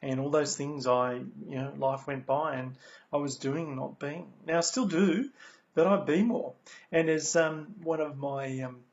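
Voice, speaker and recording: Australian man, motivational speaker, gravelly, earnest and repetitive, muffled lo-fi sound. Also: a little high, steady tone, measured pace. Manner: earnest, repeats key phrases, many ums. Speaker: speaker sharing recovery lessons. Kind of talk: motivational talk. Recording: dull lo-fi recording.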